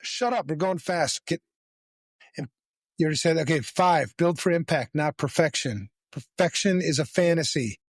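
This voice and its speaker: A man's voice: on the high side, animated, normal speed, no echo. Guy cohosting a podcast, cussing and joking, dry close sound. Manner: profane, joking, swears freely. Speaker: podcast co-host. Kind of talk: casual podcast banter.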